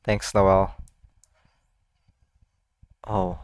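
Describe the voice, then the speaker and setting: A man's voice: low-pitched, completely flat delivery, extremely slow, clean tone. A man hosting an anime reaction, talking casually to the screen and blurting out startled exclamations and swearing.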